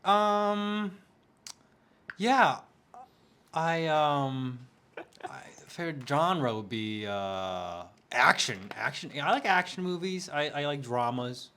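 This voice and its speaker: A man's voice: fairly high pitch, animated, slow pace, bright, forceful tone, clean tone. Young man hosting a casual podcast chat. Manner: laughing, emphatic, repeats himself. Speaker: podcast host.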